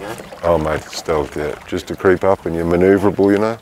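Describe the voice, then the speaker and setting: A man's voice: low voice, normal speed, darkish tone. A man with an English accent, a fishing guide from near London, chatting in a laid-back way on a boat. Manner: laid-back, says "mate" a lot. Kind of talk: casual chat. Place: outdoors on a small boat on a lake. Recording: outdoor ambient noise.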